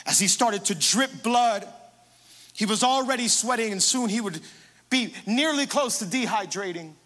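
A man pastor preaching a sermon, emphatic, moving between hushed passages and loud, rising declarations. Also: high voice, lively intonation, normal speed, big-room sound.

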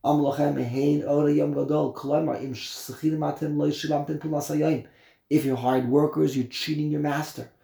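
A man teaching a Torah class, explaining verses and commentary in an animated way that acts out the voices of the people in the text. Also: on the high side, moderate pace, vocal fry, reverberant. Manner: animated, acts out voices, switches between Hebrew and English.

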